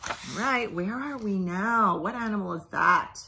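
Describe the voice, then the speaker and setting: A female librarian is doing a bedtime reading of a picture book, asking the kids gentle questions and lowering her voice almost to a whisper. She speaks in a mid-range voice at an unhurried pace, and there's background noise in the clip.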